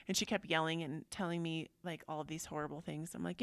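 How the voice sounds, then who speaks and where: A woman hosting a podcast, telling personal stories in a chatty, animated way and acting out what people said. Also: on the low side, a little fast, no echo, studio quality. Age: adult. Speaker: podcast host. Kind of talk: casual personal storytelling.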